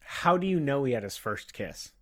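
A man co-hosting a podcast, tossing out deadpan, absurd quips in casual banter. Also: mid-range voice, normal speed. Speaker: podcast co-host.

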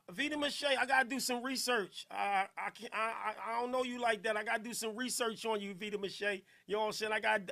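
A man hosting a podcast in casual, playful, slangy chat, giving loud shout-outs to listeners. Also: sits high. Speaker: podcast host.

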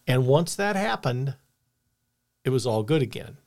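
A man's voice: medium pitch, very animated, a little slow, a little mellow. An older man, earnest and reflective, telling a personal story about faith and loss. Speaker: podcast co-host.

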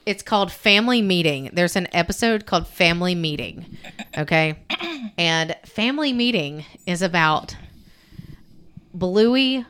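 Smooth-voiced chatty woman co-host. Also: on the low side, expressive, measured pace, a bit bright. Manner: chatty, rambling storyteller full of "like". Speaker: podcast co-host. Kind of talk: casual chat.

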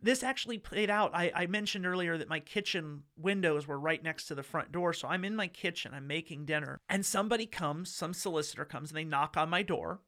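Bright-voiced man telling a wry story. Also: on the high side, a little fast, few pauses. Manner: rambling, filler-heavy, wry. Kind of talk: casual storytelling chat.

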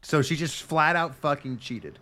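Profane animated man retelling a plot. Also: a little high, unhurried. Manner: profane, animated storytelling with put-on character voices. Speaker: podcast co-host. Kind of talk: casual comedic recap.

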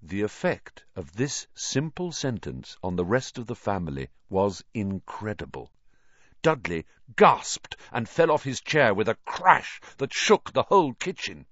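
A man reading a children's novel aloud as an audiobook narrator, with an expressive storytelling delivery. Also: lowish voice, measured pace, dry recording, highs cut off. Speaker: audiobook reader.

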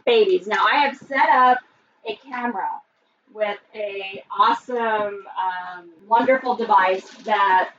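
A woman hosting a podcast in casual chat, giggly and rambling as she talks quickly. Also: medium pitch, a bit bright. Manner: giggly, rambling, fast-talking. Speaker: podcast host. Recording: distant mic, dull sound, faint noise.

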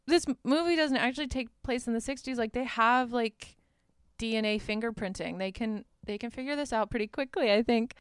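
A woman's voice: medium pitch, smooth, no echo, studio quality. A woman hosting a podcast, casually recapping a movie in a chatty, amused way with lots of filler words. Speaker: podcast host.

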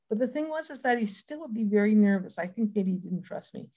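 A woman's voice: mid-range voice, lively intonation, a little fast, mellow. An older retired woman sharing her daily habits in a recovery group, in an earnest, reflective way with lots of hesitant fillers. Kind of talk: personal sharing talk.

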